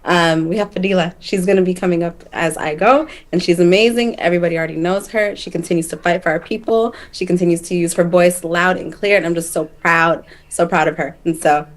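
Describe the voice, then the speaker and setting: A woman co-hosts a live charity auction stream. Her voice sits a little low. She gushes as she introduces guests and thanks donors. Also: fairly even intonation, a little fast, hardly any pauses. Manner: warm introductions, effusive praise. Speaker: fundraiser co-host. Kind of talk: livestream auction hosting.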